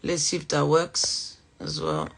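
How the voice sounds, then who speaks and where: A woman's voice: low-pitched, big pitch swings, a little slow, a little hiss or hum. French-accented woman hosting a chat. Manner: chatty, warm-hearted, apologetic, with many fillers. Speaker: podcast host and teacher. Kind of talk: live-streamed conversational interview.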